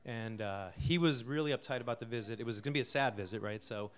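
A middle-aged man from Connecticut introduces a song he wrote, talking softly and haltingly with many fillers. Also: mid-range voice, clear, resonant tone. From Connecticut, USA. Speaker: singer-songwriter introducing a song. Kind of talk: casual spoken intro before a live song.

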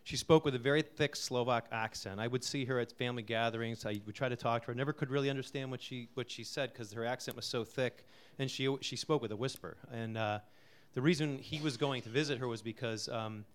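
A middle-aged man from Connecticut introduces a song he wrote, talking softly and haltingly with many fillers. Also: mid-range voice, steady tone. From Connecticut, USA. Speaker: singer-songwriter introducing a song. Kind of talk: casual spoken intro before a live song.

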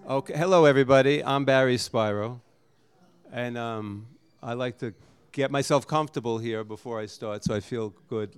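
A man's voice: mid-range voice, normal speed, smooth, soft background music. A man, a singer-songwriter, chatting casually and ramblingly with a small live audience between songs. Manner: rambling, self-deprecating. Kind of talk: casual stage banter.

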